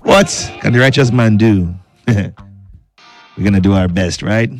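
A joking Nigerian radio host, a man with a voice of middling pitch who reads listener messages with playful rhymes and teasing. Soft music runs under his studio chat. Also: a little slow.

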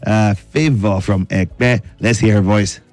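A joking Nigerian radio host, a man with a voice of middling pitch who reads listener messages with playful rhymes and teasing. Soft music runs under his studio chat. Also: fairly even intonation, takes it slowly, no echo.

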